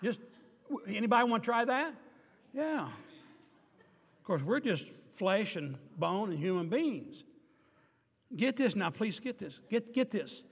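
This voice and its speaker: An older man preaching a sermon as pastor, swinging between emphatic declarations and quiet asides with dry humor. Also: high voice, sing-song, slow pace, long pauses, breathy edge. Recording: reverberant hall.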